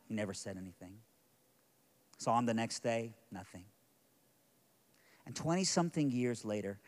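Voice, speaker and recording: Here a middle-aged preacher shares a personal story, moving from quiet hush to loud intensity. The voice is on the low side.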